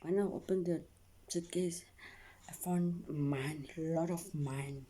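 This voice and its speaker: Speaking in a low, dark voice with fairly even intonation and a measured pace, a young female vlogger shares an emotional story. She repeatedly slips into a whisper, says things more than once, and keeps turning to her viewers.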